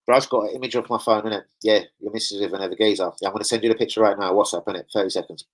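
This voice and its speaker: A man's voice: lowish voice, steady tone, very fast, slight background noise, poor audio. A man hosting a football fan live stream, swearing heavily and bantering with slang as he reads the chat. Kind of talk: casual live-stream rant reading chat.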